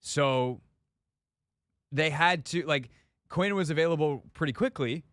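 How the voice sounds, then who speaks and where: A man's voice: a little high, a little slow, a bit bright, no room sound. Male sports talk host, dry studio sound, loose and jokey. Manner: loose, rambling, joking. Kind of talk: casual talk radio banter. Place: radio studio.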